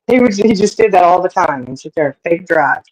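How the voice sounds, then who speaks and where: A chatty voice spinning a family yarn, folksy and lively, full of little asides. The pitch sits in an ordinary middle range. The sound is close and dry, with no room around it. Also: fairly quick, no room sound, poor audio. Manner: folksy, animated, rambling with many asides. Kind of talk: casual storytelling.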